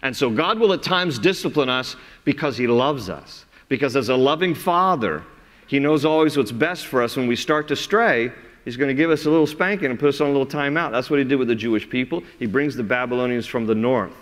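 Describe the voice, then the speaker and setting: A man's voice: mid-range voice, a little fast, a bit bright. A male pastor, preaching a sermon in a conversational, earnest way that builds into impassioned emphasis. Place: large church sanctuary. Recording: long hall reverb from sanctuary.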